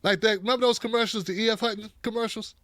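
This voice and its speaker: A man hosting a live online show, greeting viewers by name in a casual, playful way, with a dry throat that he keeps clearing. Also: sits high, quick pace, dry recording. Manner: lively and animated, playful asides to viewers.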